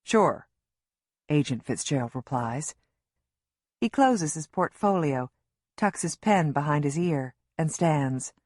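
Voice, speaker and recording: A woman narrating an audiobook in the first person as a worried mother, measured and emotionally engaged. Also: low-pitched, expressive, darkish tone, no echo, clean studio sound.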